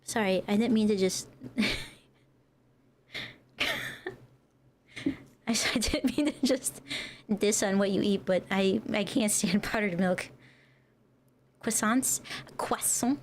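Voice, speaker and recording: A woman's voice: mid-range voice, steady tone, slow, pauses often, a little hiss or hum. An American woman who streams as a VTuber, chatting casually with her viewers and laughing often. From United States. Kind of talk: casual livestream chat.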